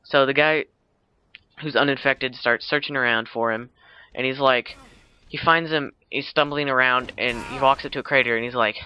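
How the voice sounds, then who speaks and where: A man's voice: medium pitch, fairly even intonation, moderate pace, sharp tone, smooth, poor audio. A man casually retelling a film plot, rambling with many fillers and self-corrections. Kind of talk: casual spoken plot summary.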